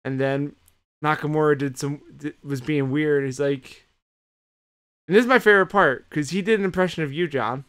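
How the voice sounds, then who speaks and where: A man co-hosting a podcast, swearing freely in an animated, casual recap of the week. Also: a little high, moderate pace, smooth. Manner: animated retelling, heavy swearing. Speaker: podcast co-host. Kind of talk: casual chat recapping wrestling.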